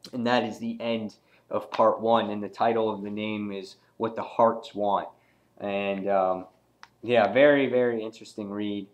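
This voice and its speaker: Casual man reviewing comics on camera. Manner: relaxed and rambling, many fillers, acts out quoted lines in a higher voice.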